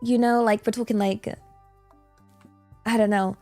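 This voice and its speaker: A woman chats loosely with her stream, her voice sitting a little high as she wanders between thoughts, filling gaps with ums and quick giggles. Faint music plays underneath. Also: flat delivery, warm tone. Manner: rambling, giggly, many fillers. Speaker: VTuber streamer. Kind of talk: casual livestream Q&A chat.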